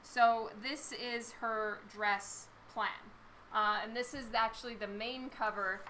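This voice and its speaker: High-pitched chatty woman, slow and bright. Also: steady tone, slight background noise, poor audio. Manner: chatty, laughs often, reads and answers chat. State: hoarse, losing her voice. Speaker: comic book artist live-streaming. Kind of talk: casual live-stream chat while drawing. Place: home studio with a fan running.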